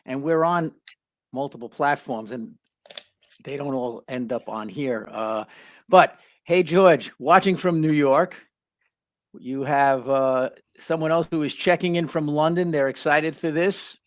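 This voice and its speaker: A man's voice: on the high side, unhurried, no room sound. A man with a Bronx accent hosting a live stream, chatty as he reads out where viewers are tuning in from. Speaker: host.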